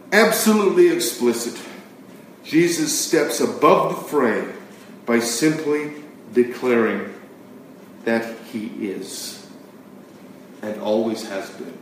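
A man preaching a sermon with emphatic delivery, swinging between loud declarations and hushed words. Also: on the high side. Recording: very echoey room, distant mic, faint noise.

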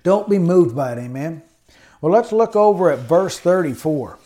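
A man's voice: fairly high pitch, lively intonation, moderate pace, dark tone. A man preaching a sermon in an emphatic style, often adding amens and hallelujahs. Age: adult with college degree. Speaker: pastor.

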